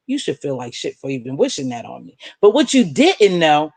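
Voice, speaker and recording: A woman's voice: low-pitched, sing-song, a little mellow, breathy edge, no room sound. Woman ranting at viewers on a live stream. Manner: confrontational, preachy, talks straight to the viewer; sarcastic, with drawn-out hums. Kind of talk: live-stream commentary rant.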